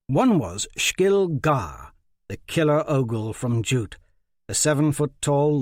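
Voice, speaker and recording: A man narrating a fantasy audiobook in a measured, even way. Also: on the high side, no room sound, clean studio sound.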